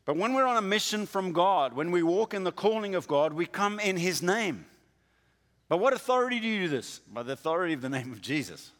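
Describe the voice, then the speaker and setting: A man's voice: high voice, expressive, brisk, hardly any pauses, fairly bright tone. Fervent male preacher in a reverberant hall. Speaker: pastor. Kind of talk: sermon.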